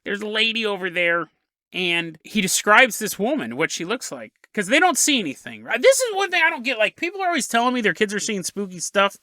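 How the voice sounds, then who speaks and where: A man hosts a podcast and tells a story in a loose, jokey way, wandering into asides. His voice is bright and lively, and his pitch moves a lot. The sound is dry and close, with no room around it. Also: a little fast, hardly any pauses, dry recording. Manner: jokey, rambling, laughs at his own asides. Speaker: podcast host.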